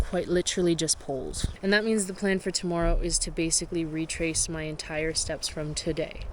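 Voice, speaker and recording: Recording a casual vlog on a windy gravel road, a tired woman narrates her solo bike trip, openly reflecting as she works through her problems. Her voice is on the low side, and the rough recording picks up wind noise and outdoor sounds.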